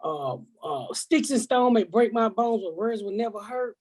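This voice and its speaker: Older lady cussing up a storm on her podcast, husky voice, pitch all over the place. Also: expressive, normal speed. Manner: loud, profane, heated storytelling. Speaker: host. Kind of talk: casual comedic podcast banter.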